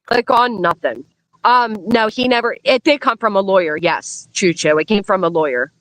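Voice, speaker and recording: A woman's voice: medium pitch, normal speed, fairly bright tone, low-quality recording. A woman from Pennsylvania giving blunt, emphatic commentary on a casual live stream. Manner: blunt, emphatic, repeats warnings.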